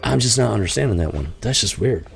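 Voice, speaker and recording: A man's voice: lowish voice, animated, quick pace, creaky, soft background music. A man hosting a live stream, commenting casually and rambling with lots of fillers and incredulous asides. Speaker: podcast host.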